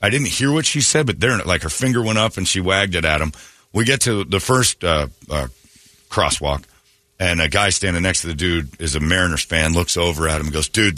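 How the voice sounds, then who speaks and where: A man from Phoenix hosting a radio show, telling a story in a casual, animated way and mimicking the people in it. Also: low voice, no echo. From Phoenix, Arizona.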